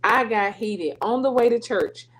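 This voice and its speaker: Middle-aged woman, faith show host, chatty and animated storytelling, laughs a lot. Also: a little high, measured pace, rough recording. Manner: animated, laughing, slips into dialect and quoted voices. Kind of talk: casual storytelling to listeners.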